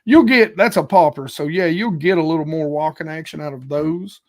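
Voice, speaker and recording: Casting note: a man hosting a fishing livestream, folksy and emphatic, on a call mic. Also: fairly high pitch. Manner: folksy, emphatic, quick asides. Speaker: fishing show host. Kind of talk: casual live-stream chat.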